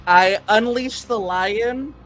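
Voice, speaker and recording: A woman's voice: a little high, slow pace, fairly bright tone. A woman playing a tabletop game, chatting in a casual, easygoing way. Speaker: player.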